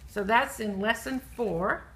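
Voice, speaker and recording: A woman teacher giving an early reading lesson to children, slowly sounding out letter sounds. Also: on the high side, pushed and bright.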